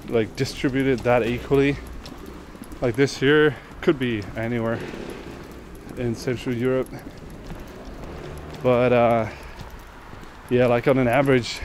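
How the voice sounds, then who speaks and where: A man's voice: medium pitch, darkish tone, a little hiss or hum. Man rambling aloud on a walk. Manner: rambling, musing aloud, swears freely. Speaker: vlogger on a long walk. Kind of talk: casual walking vlog monologue. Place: outdoors on town streets while walking.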